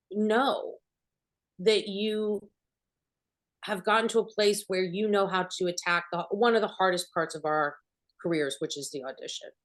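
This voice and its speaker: A middle-aged woman acting coach answering panel questions, an animated storyteller who acts out bits of dialogue. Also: medium pitch.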